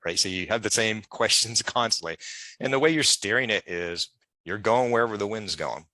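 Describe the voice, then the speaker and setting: Lowish, animated and bright with a forceful push, this man talks at a moderate pace with no room sound. He's an interview guest whose long, chatty stories drift into tangents as he acts out quoted voices.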